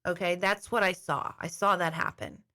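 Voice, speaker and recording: A woman's voice: lowish voice, fairly even intonation, normal speed, sharp tone. A middle-aged woman host chatting casually to her viewers, telling a long rambling story. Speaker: intuitive host.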